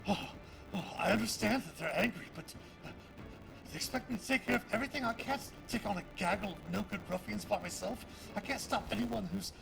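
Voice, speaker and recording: A man's voice: sits high, fairly quick, vocal fry, voice pushed up, low-quality recording. A man voicing a frazzled, worn-out town master. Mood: exasperated. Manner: pleading, exasperated. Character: flustered, weary male town master, hairy and exhausted. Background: background music.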